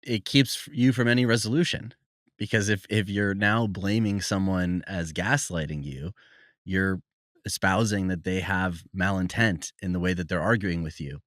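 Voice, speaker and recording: A man hosting a podcast conversation, measured and explanatory, laying out his reasoning step by step. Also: sits low, fairly even intonation, fairly bright tone, no echo, clean studio sound. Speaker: podcast host.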